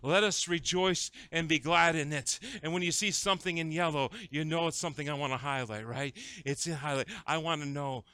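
A man preaching a sermon, shifting between conversational asides and shouted, dramatic retellings of scripture. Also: on the high side, fairly quick, hardly any pauses, smooth. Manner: acts out scripture voices dramatically. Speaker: pastor.

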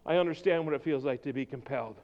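A man preaching a sermon as pastor, swinging from quiet, intense passages to shouted exhortation. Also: medium pitch, fast talker, highs cut off. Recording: long hall reverb.

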